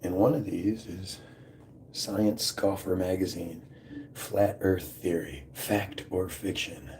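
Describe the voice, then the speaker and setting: A man's voice: low voice, fairly even intonation, slow pace, a little mellow, a little hiss or hum. A man hosting his own livestream, musing aloud in a casual, rambling and sarcastic way from home. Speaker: livestream host.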